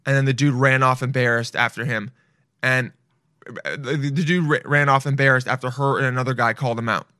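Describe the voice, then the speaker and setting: A man talking straight to viewers in a casual, profane monologue, loud and animated, swearing freely. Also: mid-range voice, brisk, no room sound, studio quality. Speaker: vlogger.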